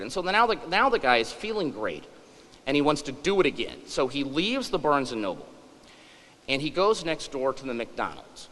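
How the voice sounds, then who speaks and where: A man's voice: mid-range voice, big pitch swings, normal speed, fairly bright tone, long reverb tail, rough recording. A man in his forties giving a humorous public lecture, wry and self-deprecating. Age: 40s.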